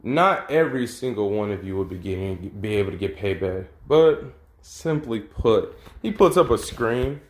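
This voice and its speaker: A man's voice: on the low side, expressive, normal speed. Rambling man in an echoey room. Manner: rambling, with many fillers and crude slang. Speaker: storyteller. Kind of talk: casual retelling of a fan story. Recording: roomy echo.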